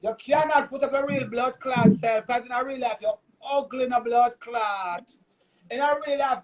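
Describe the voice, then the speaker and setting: A man with a Jamaican accent ranting loudly on a live stream, cursing and repeating himself. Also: very high voice, normal speed. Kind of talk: heated live-stream rant.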